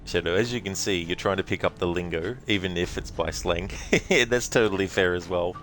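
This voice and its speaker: An Australian streamer with a deep voice chats loosely with his viewers as he plays. His talk is relaxed and rambling, full of easy laughs. Game music plays faintly behind him. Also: moderate pace. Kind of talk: casual live-stream chat with viewers.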